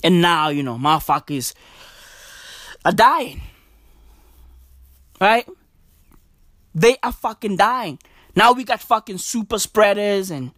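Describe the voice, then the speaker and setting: Slow, profane man ranting. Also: no echo, studio quality. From South Africa. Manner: profane, animated, slow and drawn-out, jumps into high squeaky voices. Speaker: comedian. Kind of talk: stand-up comedy rant.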